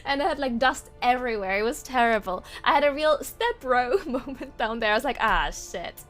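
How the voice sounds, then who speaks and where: A woman's voice: sits high, lively intonation, fairly quick, fairly bright tone. A woman streamer chatting casually on a livestream, reading chat aloud, laughing often and swearing offhandedly as she rambles. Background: faint game-soundtrack music.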